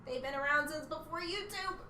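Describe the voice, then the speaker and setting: A woman's voice: high voice, fairly quick, pushed and bright, a little hiss or hum. Giggly young woman on a far, echoey mic. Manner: giggly, bubbly, rambling. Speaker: podcast co-host. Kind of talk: casual fan podcast chat.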